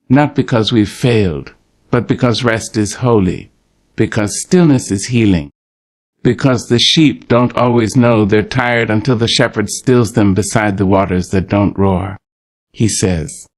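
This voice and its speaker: A man delivering a poetic morning prayer in a slow, rhythmic, preacherly manner, speaking tenderly to the listener. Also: on the low side. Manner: tender, pastoral address to the listener. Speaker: prayer narrator.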